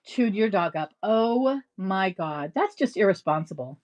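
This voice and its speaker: A woman's voice: medium pitch, measured pace. Chatty woman hosting a live sale. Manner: rambling, animated storyteller, laughs often. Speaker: live-stream reseller host. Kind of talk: chatty live-selling stream.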